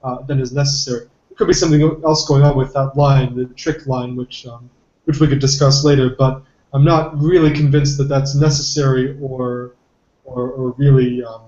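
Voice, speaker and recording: A man's voice: mid-range voice, flat delivery, normal speed, darkish tone. Hedging man in an echoey room. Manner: thoughtful, hedging with many fillers. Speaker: podcast co-host. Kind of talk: casual analytical discussion. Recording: dull lo-fi recording in a roomy echo.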